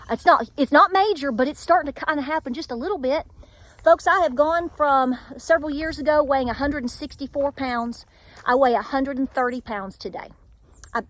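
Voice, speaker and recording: A middle-aged woman with a Tennessee accent, talking in a casual vlog with earnest, preachy encouragement. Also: fairly high pitch. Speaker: homestead vlogger. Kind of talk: casual faith-filled vlog talk.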